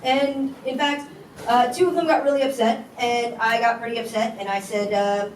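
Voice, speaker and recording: A woman's voice: fairly high pitch, fairly even intonation, normal speed. A woman giving a candid, conversational talk on stage, telling a personal story with casual fillers. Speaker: conference speaker. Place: event hall at a tech company. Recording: echoey hall from far off, faint noise.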